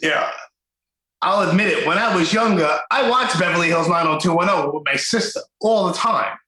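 An enthusiastic male podcast host who chats casually and calls his guest man. His voice is bright and fairly high. He sounds like he is in an echoey room. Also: a little fast. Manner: enthusiastic, chummy, says man. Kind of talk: casual chat.

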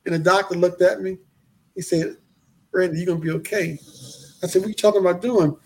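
A man telling his life story in a casual interview, animated and acting out the voices of the people in it. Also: sits high, a little fast, creaky. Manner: animated, acts out quoted voices, repeats phrases.

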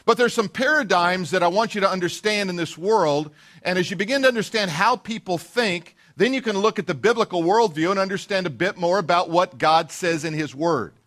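A man's voice: high voice, brisk, a bit bright. A man preaching a sermon as pastor, telling folksy stories with frequent fillers and restarts.

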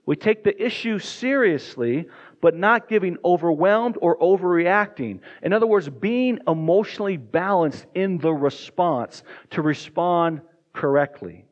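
A man's voice: high-pitched, animated, a little slow. A male pastor preaching a sermon in a conversational way and often asking the congregation questions. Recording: dull lo-fi recording.

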